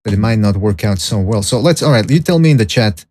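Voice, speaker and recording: A man's voice: on the low side, lively intonation, fast, darkish tone. A man hosting a boxing podcast alone. He rambles, gives strong opinions, jokes and reads out the live chat. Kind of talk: solo livestream podcast chat.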